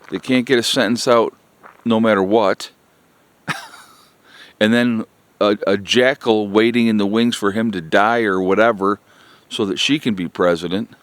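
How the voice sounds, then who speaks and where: A political commentary vlogger with a fairly low-pitched male voice rants bluntly and with exasperation at his viewers, recorded with no echo. He repeats his points and keeps calling his audience "folks."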